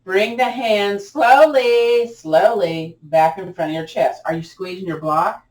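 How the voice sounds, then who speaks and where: A woman leading a gentle yoga class, giving upbeat, cheering cues with chatty asides, her voice a little cracked as she clears her throat. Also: lowish voice, normal speed. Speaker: yoga instructor. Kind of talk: guided yoga class instruction. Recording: echoey room, distant mic.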